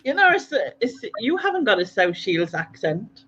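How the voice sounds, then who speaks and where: A woman with a Sunderland accent, hosting a relaxed late-night chat and laughing often. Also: mid-range voice, normal speed, husky. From North East England. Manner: laughing, relaxed, uses local slang. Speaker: host. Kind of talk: casual chat. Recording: dull lo-fi sound with faint noise.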